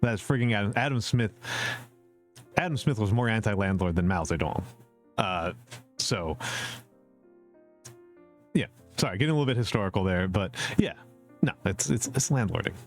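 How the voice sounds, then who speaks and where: A man's voice: on the low side, lively intonation, moderate pace, long pauses, faint music behind. A man streaming a casual question-and-answer chat, opinionated and repeating his points for emphasis, with many fillers. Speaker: VTuber streamer.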